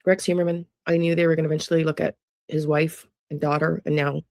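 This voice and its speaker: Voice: mid-range voice, level tone, quick pace, vocal fry, a little mellow, no echo, studio quality. An American true crime psychic host talking casually to viewers in a rambling monologue full of restarts and trailing asides.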